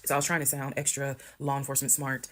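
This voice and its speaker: A woman from Georgia, telling a personal story to camera in a lively way and acting out the voices of the people in it. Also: rumbling low, fast talker. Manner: animated, acts out quoted voices. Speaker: storyteller in a TikTok clip. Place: played clip heard on a stream.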